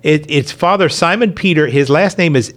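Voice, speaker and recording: A man's voice: a little high, moderate pace, a bit bright. A man hosting a radio show, interviewing a guest in a friendly, casual way. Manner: friendly, joking about hard names. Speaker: radio host.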